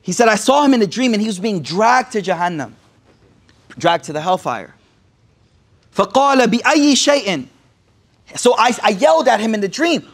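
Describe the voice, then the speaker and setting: A man's voice: high-pitched, very animated, fast talker, pauses often. A man preaching, retelling a story with casual slang and Arabic quotes mixed in. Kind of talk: sermon storytelling.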